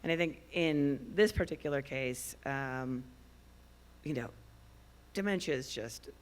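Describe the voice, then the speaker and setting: A woman filmmaker speaking on a festival panel, telling stories in an animated way and laughing as she talks. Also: extremely low pitch, a little slow. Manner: animated storyteller, laughs while talking. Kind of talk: panel discussion.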